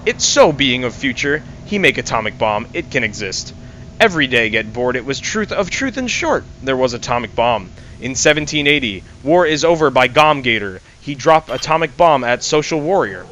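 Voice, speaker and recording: A man's voice: medium pitch, sing-song, normal speed, a bit bright, highs cut off, slight background noise. A man reading a nonsensical fan story aloud in mock earnest and laughing at it now and then. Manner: reads absurd text in mock earnest, breaking into laughter. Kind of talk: amused dramatic reading.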